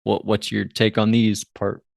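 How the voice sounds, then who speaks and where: A man in his twenties co-hosting a podcast, chatting casually with quick, joking banter and some swearing. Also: fairly low pitch, completely flat delivery, vocal fry, no echo, studio quality. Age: 20s. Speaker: podcast co-host. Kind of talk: casual chat.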